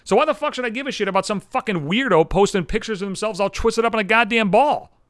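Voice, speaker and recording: A man's voice: high voice, fast talker, fairly bright tone, no echo, studio quality. A man hosting a podcast, delivering a sarcastic, heavily profane comedic rant. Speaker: podcast host.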